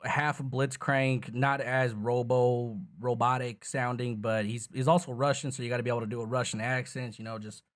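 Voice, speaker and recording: A man's voice: medium pitch, flat delivery, moderate pace, hardly any pauses. A man explaining a tutorial in loose, rambling casual chat, tired and dropping curses as he goes. He talks down his own efforts with a laugh. His voice sits in an ordinary middle range for a man. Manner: rambling, profane, self-deprecating. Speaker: gaming channel host.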